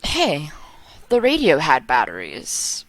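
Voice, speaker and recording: A woman's voice: low-pitched, wildly swooping pitch, slow, no echo. A woman giving game commentary as she plays, musing and half-reading to herself. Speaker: let's play host.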